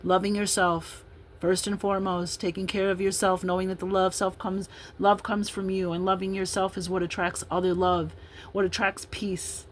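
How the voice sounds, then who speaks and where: An Illinois woman in her fifties does a relaxed tarot reading, reading cards out and drifting into chatty tangents. Her mid-range voice keeps a level tone at normal speed, and the poor audio carries slight hiss or hum.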